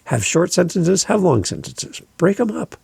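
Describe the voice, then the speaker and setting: Gravelly, husky man coaching podcasters. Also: high-pitched, sing-song, moderate pace, a little mellow, no room sound. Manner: conversational, emphatic, gesturing with hands while speaking. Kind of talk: casual instructional monologue.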